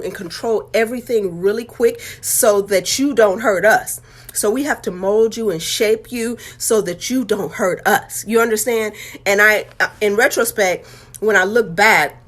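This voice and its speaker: A woman's voice: fairly high pitch, pushed and bright. A woman and author telling her life story in a candid, heartfelt, conversational way. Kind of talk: candid personal testimony.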